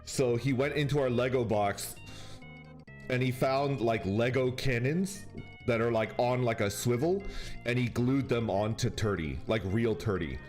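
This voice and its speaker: A man's voice: mid-range voice, measured pace, a little mellow. A man streaming and chatting casually with viewers, telling a rambling story and laughing often. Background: faint background music.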